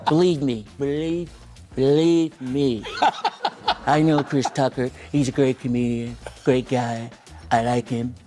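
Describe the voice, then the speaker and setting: A man's voice: mid-range voice, steady tone, unhurried, mellow, faint music behind, voice pushed down, lightly acted. A man doing an impression of a boastful older male politician, repeating himself with self-assured bragging.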